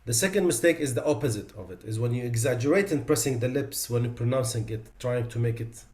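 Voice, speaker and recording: A man teaching Quran recitation, explaining pronunciation mistakes and slowly demonstrating the right and wrong sounds. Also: mid-range voice, a little mellow. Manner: demonstrates pronunciations slowly and with emphasis, then explains in plain speech. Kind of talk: tajweed lesson. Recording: echoey room.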